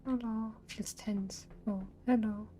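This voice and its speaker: A young woman streaming horror games, chatting nervously and singing to herself to stay calm. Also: fairly high pitch, slow. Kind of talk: live-stream gameplay commentary. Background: faint game music.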